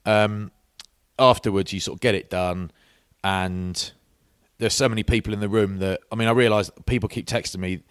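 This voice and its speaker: Middle-aged man, lower voice, animated storyteller, dry studio sound. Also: normal speed, smooth, no room sound. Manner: lively storyteller, says mate a lot. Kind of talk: casual chat, anecdote telling.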